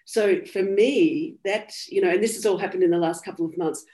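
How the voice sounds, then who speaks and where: An Australian woman with a fairly low voice tells a story in an interview. She speaks earnestly and softly, slipping into quoted dialogue as she recounts a reading. Her delivery is personal and heartfelt. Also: fairly quick. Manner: earnest, soft-spoken retelling with quoted dialogue. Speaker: medium, guest.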